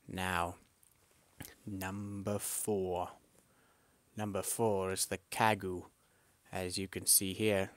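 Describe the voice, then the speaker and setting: A man giving a joking, deadpan voice-over about silly animals. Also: on the low side, no room sound. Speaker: video narrator. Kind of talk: comedic voice-over commentary.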